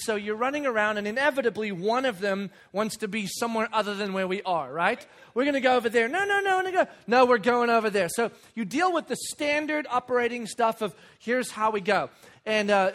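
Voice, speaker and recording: A man with a high, bright, ringing voice tells a family story in a lively, animated way. He jumps into loud acted-out lines and quick asides, as if talking to a room of friends. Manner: animated, acts out kids and himself with loud bursts. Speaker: father and speaker. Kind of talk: storytelling talk.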